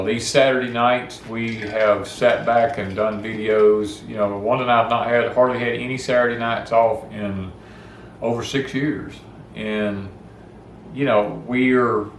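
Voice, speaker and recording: A man's voice: fairly low pitch, roomy sound. An older man with a Southern US accent, chatting casually with viewers as a homestead channel host in a folksy, rambling way. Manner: folksy, rambling, gets worked up about noise.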